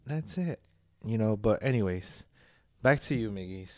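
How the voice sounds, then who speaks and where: A man's voice: on the low side, expressive, moderate pace, a little mellow, dry recording. A young adult man co-hosting a podcast in casual chat, ranting emphatically and cursing. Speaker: podcast co-host.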